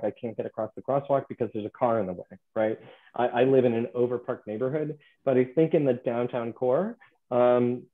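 A man presenting findings at a video-call meeting, halting, with many fillers and restarts. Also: mid-range voice. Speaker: planning consultant presenting findings. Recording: tinny phone-like line.

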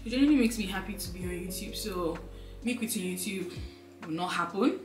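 A woman's voice: medium pitch, brisk, echoey room, faint music behind. A young woman giving an emotional sit-down life update, rambling with many fillers and close to tears. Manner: rambling, filler-heavy, heartfelt. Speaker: lifestyle vlogger.

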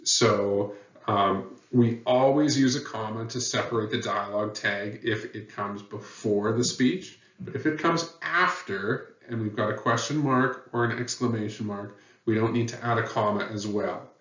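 A man's voice: lowish voice, unhurried, a bit bright. A man teaching a lesson on writing rules, patient and plain, with many fillers. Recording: dull, roomy sound from a distant mic.

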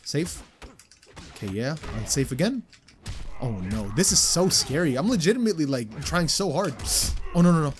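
A young man giving live commentary over a fighting game he is playing, excitable and swearing, swinging from low mutters to loud outbursts. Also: normal speed, a little hiss or hum. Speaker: gaming channel host.

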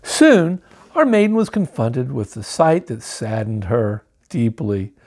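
A man's voice: mid-range voice, big pitch swings, slow, darkish tone. Wry man reading a picture book. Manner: wry, joking asides. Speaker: storybook reader.

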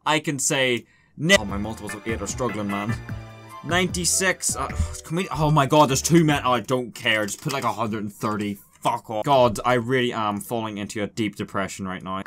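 Bright-voiced sarcastic gaming commentator, man. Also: medium pitch, animated, normal speed, faint music behind. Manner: sarcastic, swearing, self-mocking. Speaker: gaming YouTuber.

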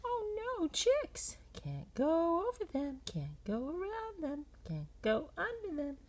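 Brief: woman, storybook reader, very slow and sing-song, high animated voice, playful whispers. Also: a little hiss or hum. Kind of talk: reading a children's picture book aloud.

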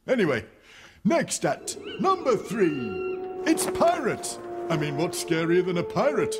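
A man's voice: high-pitched, measured pace, music in the background. Man playing a ghoulish countdown host. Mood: ghoulish glee. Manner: lively, ghoulish, gleeful. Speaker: show presenter.

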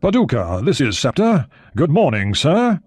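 A male audiobook narrator reading the lines of a practical American submarine commander, brisk and matter-of-fact. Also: medium pitch, no echo, studio quality, natural voice. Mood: mock-English.

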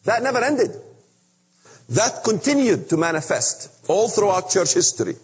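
A man preaching an impassioned sermon, emphatic and repetitive in a husky voice. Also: sits high, very animated, normal speed. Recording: echoey hall.

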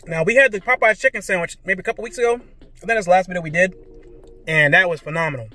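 Excitable man reviewing food in a car. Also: high-pitched, quick pace. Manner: excited, keeps saying "guys" and "man". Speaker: food vlogger. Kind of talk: casual food review vlog. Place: parked car, traffic passing outside. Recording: faint road noise from inside a car. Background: cars passing by.

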